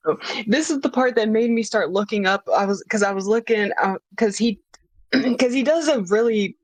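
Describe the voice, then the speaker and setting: A woman's voice: medium pitch, moderate pace, dry recording. A woman co-hosting a casual podcast chat, recapping a show in a rambling way that often trails off and restarts. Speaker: podcast co-host.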